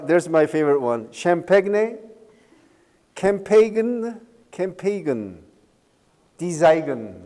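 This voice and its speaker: A man's voice: a little high, darkish tone, smooth, in a large hall. A man giving a university lecture in a casual, jokey way, often checking with the class by asking "right?" and "okay?". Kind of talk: recorded online lecture.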